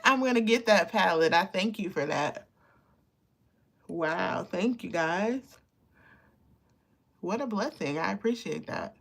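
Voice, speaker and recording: A woman around fifty hosts a casual live makeup chat. She talks warmly to her viewers, laughs often and gets emotional as she applies her makeup. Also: lowish voice, expressive, takes it slowly, creaky, long pauses. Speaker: beauty livestream host.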